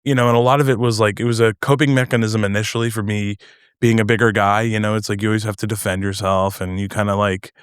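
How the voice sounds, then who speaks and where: A man's voice: on the low side, level tone, fast talker, smooth, dry recording, clean studio sound. A young man from North New Jersey, a comedian guest chatting casually on a podcast, rambling and hesitant with many fillers.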